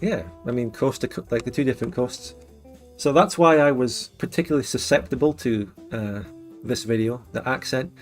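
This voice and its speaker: A man's voice: medium pitch, moderate pace. Casual male streamer host, rambling and joky, faint music behind. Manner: rambling, joking, many fillers. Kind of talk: casual livestream chat.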